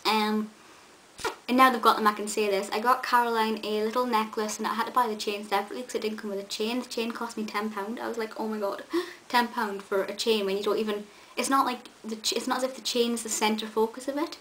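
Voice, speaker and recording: A woman's voice: a little high, little pitch movement, quick pace, sharp tone, rough recording. A young woman, chatting eagerly to camera in a vlog, with many ums and restarts. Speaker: vlogger. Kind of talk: casual chat to camera. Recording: faint hiss.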